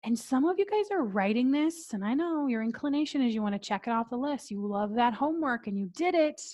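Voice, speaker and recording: A woman business coach leading a training, deliberately talking slowly and calmly, with breathy sighs and soft whispered moments. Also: on the high side.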